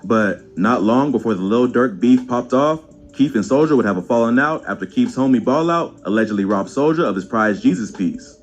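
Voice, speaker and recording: A man reading a scripted documentary narration in an even, measured way. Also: mid-range voice.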